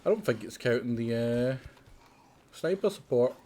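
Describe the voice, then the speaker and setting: A man's voice: medium pitch, animated, normal speed, warm tone, slight background noise. A man streaming a survival game, chatting casually and explaining his tactics with exasperated asides. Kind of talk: casual gameplay commentary.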